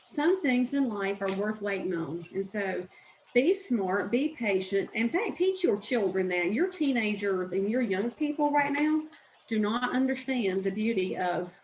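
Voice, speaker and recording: A woman's voice: medium pitch, animated, unhurried, a little mellow, a little hiss or hum. Chatty Southern woman in echoey kitchen. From American South. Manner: chatty, folksy and opinionated, says "y'all". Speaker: cooking channel host. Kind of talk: casual cooking demonstration. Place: home kitchen.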